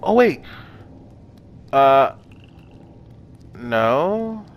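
A young man hosting a let's play, chatting casually and yelling and swearing when startled. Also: medium pitch, very animated, extremely slow. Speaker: gaming channel host.

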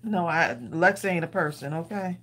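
Husky woman chatting on a craft stream. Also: fairly low pitch, moderate pace, a bit bright. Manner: chatty, laughs often, talks to viewers as y'all. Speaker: crafting show co-host. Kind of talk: casual live-stream chat while crafting.

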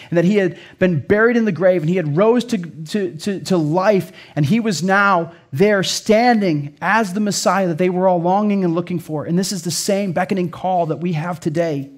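Midwestern pastor guy preaching, fairly high voice for a man, chatty and earnest, lots of "like" and "right?". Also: moderate pace, hardly any pauses. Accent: Upper Midwest American. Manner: earnest, conversational, with frequent "like" and "right?". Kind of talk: sermon.

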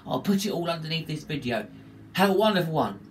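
A man, hosting his weekly vlog while nursing a cold with a stuffy nose and sore throat. He talks in a showy, upbeat way, jumping between bright greetings and low asides. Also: sing-song, fast talker, heavy background noise. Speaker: vlogger and show host.

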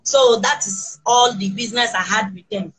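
A Nigerian woman with children recounts her ordeal in halting, restarting sentences. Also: medium pitch, steady tone, a bit bright, slightly rough, rough recording. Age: adult with children. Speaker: kidnapping survivor interviewed.

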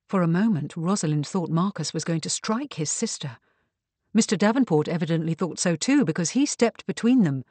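A woman narrating a historical mystery audiobook in an even, measured reading. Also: lowish voice, slightly rough, no echo. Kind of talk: scripted narration.

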